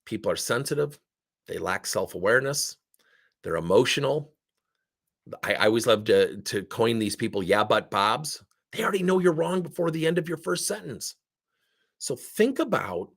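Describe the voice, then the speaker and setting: Fast-talking animated middle-aged man. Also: lowish voice. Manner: fast, animated storytelling with acted-out dialogue. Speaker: speaker on leadership and coaching. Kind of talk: lively talk.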